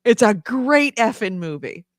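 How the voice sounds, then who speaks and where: A man's voice: sits high, very animated, unhurried, no room sound, clean studio sound. A man from California co-hosting a casual gaming news podcast, rambling with many fillers and restarts. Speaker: podcast co-host.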